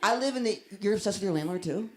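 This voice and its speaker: A woman performs stand-up comedy with crowd work, chatting and riffing with the audience in a comedy club. Her mid-range voice is animated, quick and a little mellow, picked up on a distant mic in a roomy club as the audience laughs.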